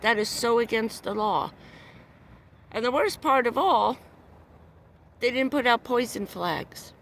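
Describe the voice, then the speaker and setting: A woman's voice: fairly high pitch, expressive, unhurried, long pauses, a bit bright, a little hiss or hum. A woman on a livestream, ranting in a heated, profane, repetitive way, upset and near tears, talking from a parked car. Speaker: vlogger. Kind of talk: angry livestream rant.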